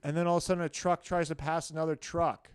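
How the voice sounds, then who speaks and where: A man's voice: fairly high pitch, level tone, quick pace, smooth, no room sound, studio quality. A man from Canada co-hosting a comedy podcast, teasing his friend and laughing a lot in casual chat. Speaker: podcast co-host.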